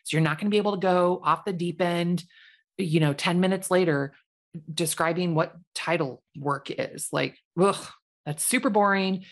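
A woman's voice: lowish voice, normal speed. A woman in her forties, a realtor, giving chatty, self-deprecating advice in a solo podcast.

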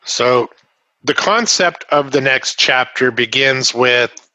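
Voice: mid-range voice, takes it slowly, pushed and bright, no echo, poor audio. A podcast host prompting the guest with short questions in a casual interview.

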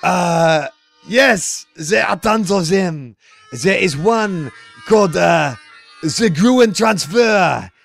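A man's voice: high-pitched, lively intonation, very slow, vocal fry, a bit bright, soft background music, voice pushed up, full character voice. A man doing a hammy mock-French accent. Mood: playful. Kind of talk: comic impression in a podcast bit.

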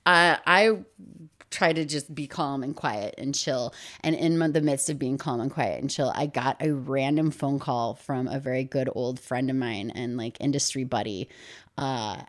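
A woman co-hosting a podcast, chatting casually and telling an animated story, swearing freely and acting out quoted dialogue. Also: rumbling low, normal speed. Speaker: podcast co-host. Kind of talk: casual chat.

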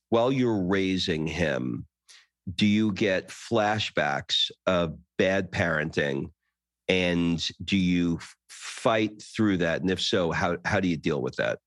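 A man in his fifties hosting a podcast interview, asking questions in a halting way and often repeating words. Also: deep voice, dry recording, studio quality. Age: 50s. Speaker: podcast host. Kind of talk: conversational interview.

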